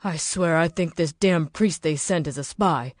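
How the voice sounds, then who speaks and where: A woman voicing a gruff, impatient man in command, who swears and gives blunt orders. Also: on the high side, normal speed, no echo, studio quality, natural voice. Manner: brusque, curses, gives orders. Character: gruff impatient male militia leader.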